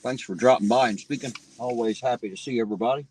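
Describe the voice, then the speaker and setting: A man's voice: medium pitch, fast, a little mellow, slight background noise, low-quality recording. A man hosting a live stream, joking casually with viewers and greeting them by name while he eats. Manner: eats and talks between bites. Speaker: livestream host.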